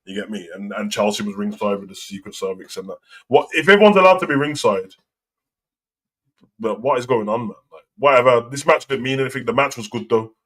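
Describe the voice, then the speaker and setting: A man talks in loose, slangy, opinionated chat as he hosts a live wrestling show. His pitch sits right in the middle range. He keeps a casual, running commentary going. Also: fairly quick.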